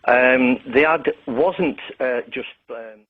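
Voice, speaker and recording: A man's voice: mid-range voice, slow pace. A British man calling into a radio phone-in, talking hesitantly. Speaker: caller. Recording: tinny phone line.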